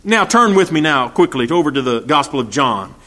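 A man delivers a sermon in a high voice. He talks in a folksy way, piles up rhetorical questions, and reads scripture aloud in old-fashioned English. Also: very animated, brisk, pushed and bright. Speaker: preacher.

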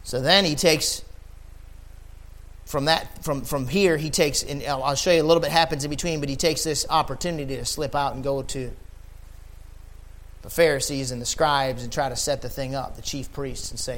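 A man preaching a sermon, building from quiet explanation to impassioned, near-shouted emphasis. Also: mid-range voice, steady tone, normal speed.

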